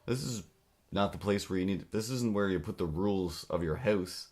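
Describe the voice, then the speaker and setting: A man hosting a comedy podcast, ranting in an animated, exasperated way and slipping into little voices. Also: low voice, normal speed. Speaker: podcast host. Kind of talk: comedic monologue.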